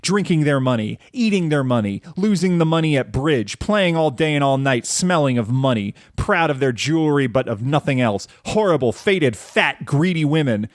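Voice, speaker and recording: A man's voice: on the high side, expressive, normal speed, few pauses, no room sound, studio quality, natural voice. A man reading out a menacing, nihilistic uncle's speech from a thriller, in a plain reading voice. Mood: contemptuous. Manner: reads the lines as a quote. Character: menacing nihilistic male uncle, cold and contemptuous.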